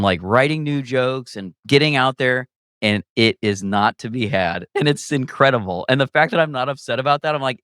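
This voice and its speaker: A man's voice: medium pitch, moderate pace, clean tone, no room sound, clean studio sound. A man, a guest comedian, talking candidly in a casual conversation, reflective and rambling, restarting his sentences and laughing often. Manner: reflective and rambling, with frequent restarts and lively self-quotes.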